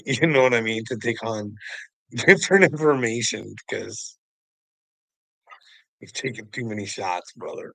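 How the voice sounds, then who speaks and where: A man's voice: mid-range voice, expressive, measured pace, creaky, long pauses, fairly bright tone, dry recording, rough recording. A man speaking straight to a viewer, profane and preachy, mocking him and laughing often. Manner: mocking, laughs often, calls listener bud and brother. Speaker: livestream host. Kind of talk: taunting monologue to a viewer.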